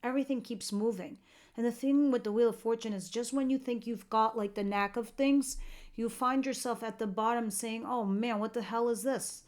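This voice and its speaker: A woman's voice: a little high, fairly even intonation, normal speed, a little mellow. A woman giving a tarot reading to camera, chatty and earnest, talking straight to her viewers, a bit tired and yawning. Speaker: tarot reader.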